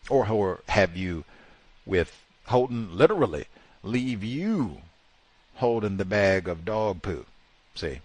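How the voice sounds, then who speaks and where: A man's voice: fairly low pitch, animated, takes it slowly, darkish tone, no room sound. A man hosting a talk show, telling a rambling, exasperated anecdote in casual chat. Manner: rambling, exasperated storytelling with many "like" fillers.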